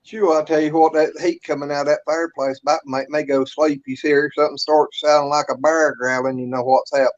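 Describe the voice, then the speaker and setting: A man co-hosting a casual live stream, talking haltingly, repeating words and filling with "you know". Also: fairly high pitch, level tone, highs cut off. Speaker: co-host.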